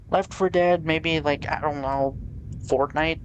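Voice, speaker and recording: A tired streamer from Canada talks in a loose, wandering way during a live game stream. The talk drifts and stalls on hesitant fillers, and the voice sits at a middling pitch. A faint background hum runs underneath. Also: steady tone, measured pace. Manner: rambling, trailing off, hesitant. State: tired, sleepy. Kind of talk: casual live-stream chat.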